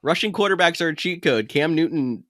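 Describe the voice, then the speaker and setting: A man co-hosting a podcast, giving casual fantasy football advice in a quick, chatty way. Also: a little high, animated, bright, forceful tone, no echo, studio quality. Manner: quick, chatty, laughs easily. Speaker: podcast co-host.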